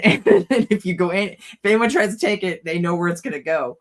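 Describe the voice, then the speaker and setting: Hoarse, tired man rambling with fillers. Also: high-pitched, a little fast. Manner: rambling, laughs often, many fillers. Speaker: podcast co-host. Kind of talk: casual chat.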